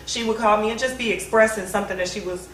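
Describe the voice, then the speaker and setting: A woman's voice: mid-range voice, fast talker. A woman talking candidly about her late mother, reflective, with laughs between her thoughts. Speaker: grieving daughter sharing memories. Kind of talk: candid family conversation. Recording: roomy, distant mic, faint hiss.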